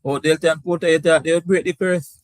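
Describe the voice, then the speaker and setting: Animated high-pitched man hosting. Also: quick pace, no echo. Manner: animated and laughing, reading out viewer comments. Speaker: sports talk show host. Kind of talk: casual live-stream chat with viewers.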